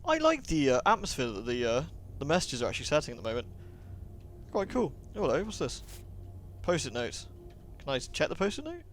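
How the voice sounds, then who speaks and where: Guy doing let's-play commentary, wry asides, mid pitch, faint hiss behind. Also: wildly swooping pitch, brisk. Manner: sarcastic, jokey. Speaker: gaming commentator.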